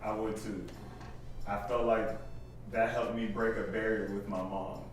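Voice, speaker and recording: A young man making quiet, laid-back remarks as co-host in a casual chat. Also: lowish voice, level tone, unhurried. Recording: roomy, distant from the mic.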